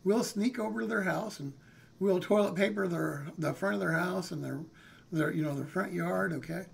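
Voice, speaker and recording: Male streamer telling a rambling story, high and husky voice. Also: moderate pace. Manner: rambling, with many fillers and "okay?" checks. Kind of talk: casual storytelling.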